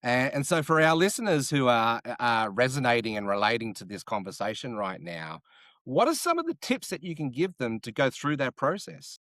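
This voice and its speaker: A man in his forties with an Australian accent, co-hosting an interview and chatting in a relaxed, storytelling way. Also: mid-range voice, normal speed, dry recording. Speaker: podcast co-host. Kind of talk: casual interview chat.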